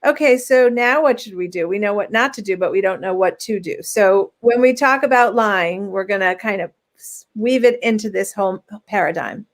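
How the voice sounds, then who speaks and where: A woman's voice: medium pitch, normal speed. A woman hosting an interview, asking casual guiding questions. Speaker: interview host. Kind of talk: conversational interview.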